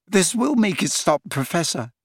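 A man's voice: sits high, very animated, slow, a bit bright, slightly rough, no room sound, studio quality, pitched above the performer's own voice, heavily acted. A man voicing a desperate young male wizard in an audiobook, coaxing and pleading urgently in a raised voice.

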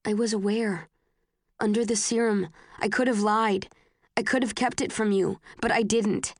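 A woman's voice: mid-range voice, fairly even intonation, moderate pace, dry recording. Woman reading a first person novel, earnest, gets heated in the fights, dry close sound. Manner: earnest and emotional, rising sharply in arguments. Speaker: audiobook narrator.

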